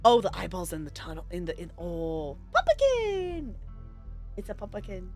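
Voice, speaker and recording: A woman streaming a narrative game live, reading its text aloud and gushing with quick laughs between lines. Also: lowish voice, very animated, a little mellow, faint music behind.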